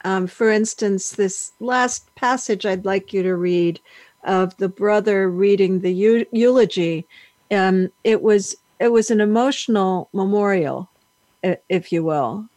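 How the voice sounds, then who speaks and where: A woman interviewer asking slow, reflective questions of an author. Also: medium pitch, a little mellow, no room sound.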